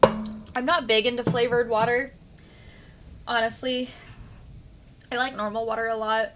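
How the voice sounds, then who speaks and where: A woman's voice: on the high side, level tone, measured pace, fairly bright tone, slight background noise. A young woman from the American Midwest with a slight Midwestern accent, chatting casually and rambling on a livestream while she edits her book. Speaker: author livestreaming her editing.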